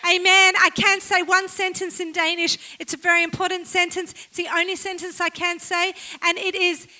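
Female guest preacher, very high pitch, bright tone, energetic call-and-response sermon. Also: moderate pace, few pauses. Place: church service.

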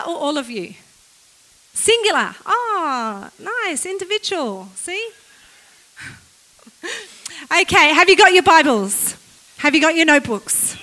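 A woman preaching as a guest speaker at a church service, energetic and exclaiming, leading the congregation in call-and-response. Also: sits high. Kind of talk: sermon.

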